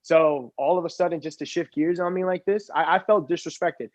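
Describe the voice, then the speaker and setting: A man joining a podcast over a video call, talking quickly and animatedly, telling stories in casual chat. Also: on the high side, dry recording. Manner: rapid, animated storytelling with quoted dialogue. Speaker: podcast guest. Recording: dull lo-fi video call audio.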